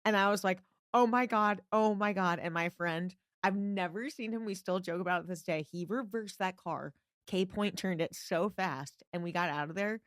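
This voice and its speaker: A woman's voice: fairly low pitch, normal speed, no room sound, clean studio sound. A young woman co-hosting a podcast, telling a story in casual chat, full of filler words. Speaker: podcast co-host.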